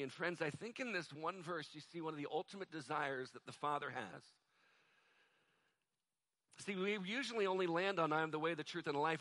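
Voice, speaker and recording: Bright-voiced, joking male preacher. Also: on the high side. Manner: conversational, jokey, acts out quoted voices. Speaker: pastor. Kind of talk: sermon with storytelling and jokes.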